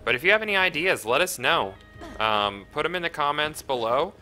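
A man's voice: a little high, faint music behind. A young man hosting a let's play, joking and chatting casually as he plays with a friend. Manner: animated, joking, quick to laugh. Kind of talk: casual gameplay commentary.

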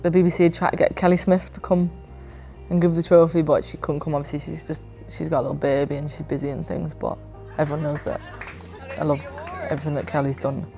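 A woman's voice: sits low, level tone, fast, gravelly, warm tone. A woman in her twenties from England, a professional footballer chatting casually and laid-back as she looks back over match footage. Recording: background music under voice.

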